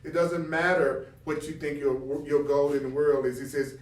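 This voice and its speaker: A man's voice: fairly high pitch, moderate pace, distant mic. A man teaching from a spiritual text, reading passages aloud and then explaining them with rhetorical questions and acted-out examples. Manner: animated, acts out example dialogue. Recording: roomy, from the mic.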